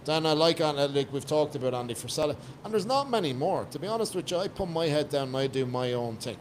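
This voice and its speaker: Quick and lively, this man from Ireland talks in a slightly high voice as a podcast guest coach. Background noise runs under his casual, blunt, emphatic talk, which is full of swearing.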